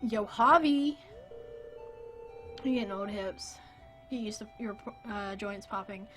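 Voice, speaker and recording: A woman's voice: mid-range voice, slow, a bit bright, soft background music. A young woman streaming a farming game, chatting casually and self-mockingly, reading game lines aloud in goofy voices. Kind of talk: casual gameplay chat.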